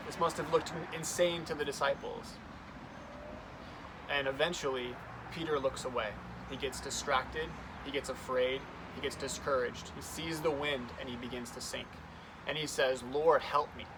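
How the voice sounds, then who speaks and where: A man's voice: on the high side, noisy background. A young man speaking as a youth pastor, telling a story in an earnest, conversational way. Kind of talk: youth devotional talk.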